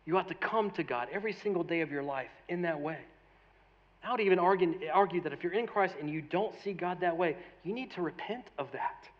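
Male pastor, 30s, high-voiced, conversational sermon, slightly dull recording. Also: brisk. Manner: conversational, animated, storytelling with asides.

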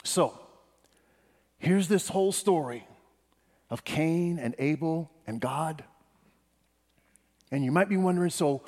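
A pastor delivers his sermon in a slightly high-pitched male voice. He talks straight to his congregation, dropping to a hush and then pressing hard for emphasis. A long reverb carries through the sanctuary around him. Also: animated, slow, pauses often. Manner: addresses the congregation directly, swinging between hushed and emphatic.

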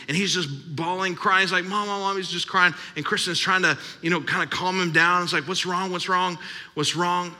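A man's voice: fairly high pitch, pushed and bright. A man in his thirties preaching a sermon as pastor, emphatic and repetitive. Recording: long hall reverb.

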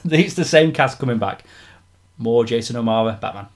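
Male co-host, relaxed and opinionated, talks movies with a laugh. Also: medium pitch, moderate pace. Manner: chatty, opinionated, laughs easily. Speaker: podcast co-host. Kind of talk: casual film news chat.

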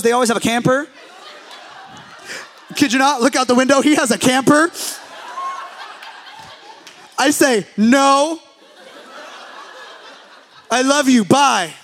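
A young adult man, a pastor, telling a funny story in a sermon with lively acted-out quotes. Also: very high voice, slight background noise.

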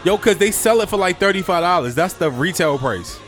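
Lively joking man saying "yo". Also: sits high, faint music behind. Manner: animated, joking, drawn-out "yo" at line ends. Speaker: podcast co-host. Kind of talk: casual chat.

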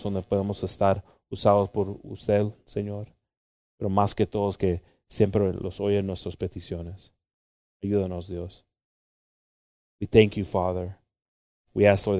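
A man's voice: fairly low pitch, a little mellow, no room sound. A man preaching and leading prayer as a pastor, switching between English and Spanish and calling on the Lord again and again. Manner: pleading prayer with repeated "Lord" and "Jesus". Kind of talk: bilingual sermon and prayer.

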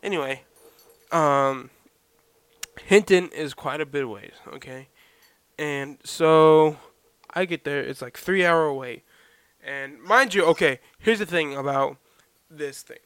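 A young man with a fairly high, smooth voice hosts his podcast from home in a loose, rambling storytelling style. He keeps drifting off the story to talk to his dog. The sound is close and dry, with no room around it. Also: slow, long pauses, fairly bright tone, no echo. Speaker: podcast host. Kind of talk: casual solo storytelling.

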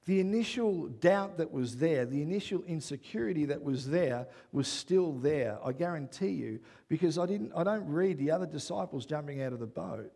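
A man preaching a sermon as pastor, who often checks in with "yeah?" and builds to loud, excited passages. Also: on the high side, normal speed, vocal fry, few pauses, breathy edge.

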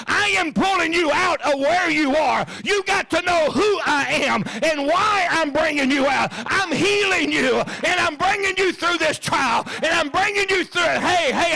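A man preaching a sermon, moving from quiet scripture reading to shouted preaching and often repeating his words as he gets worked up. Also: very high-pitched, gravelly. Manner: repeats words and restarts when fired up.

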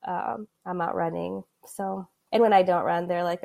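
A woman's voice: on the low side, steady tone, normal speed, vocal fry, darkish tone. Woman in her thirties, talkative guest with a casual, laugh-prone delivery. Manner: chatty, frequent "like" fillers, laughs mid-sentence. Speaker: podcast guest. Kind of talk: casual conversational storytelling.

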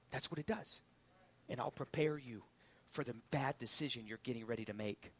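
A man preaching a sermon as pastor, swinging from loud preaching to hushed whispers. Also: medium pitch, breathy edge.

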